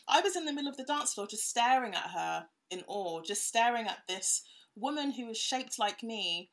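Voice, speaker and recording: A woman's voice: a little high, animated, normal speed. A young woman, a guest telling a personal story in a casual, chatty way with many fillers and laughs.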